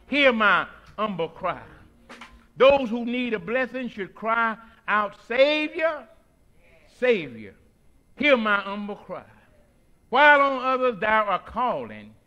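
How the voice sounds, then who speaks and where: A man preaching a sermon in a church, whooping and calling out, then dropping to hushed lines. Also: high-pitched. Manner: whooping call-and-response preaching, swinging between shouts and hushed lines.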